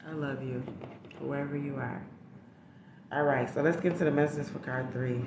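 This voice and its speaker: Man, casual tarot reading, slangy, swearing, middle pitch, echoey room, loud background hum. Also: steady tone, normal speed. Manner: slangy, emphatic, swears, addresses viewers directly. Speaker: tarot reader.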